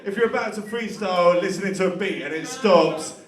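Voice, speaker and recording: A man hyping up a crowd, excitably shouting out names. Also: high voice, a little fast. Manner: excitable, giving shout-outs. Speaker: hype man. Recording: echoey live event, far from the mic.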